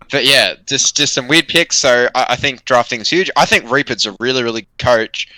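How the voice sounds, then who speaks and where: Bright-voiced young man, halting chat. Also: medium pitch, rough recording. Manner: hesitant, many fillers and restarts. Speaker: podcast co-host. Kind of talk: casual esports chat.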